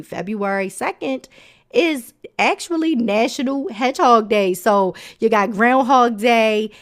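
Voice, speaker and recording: Playful, laughing woman podcast host. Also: mid-range voice. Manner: playful, chatty, laughs often; colloquial, sassy asides. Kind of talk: casual podcast narration.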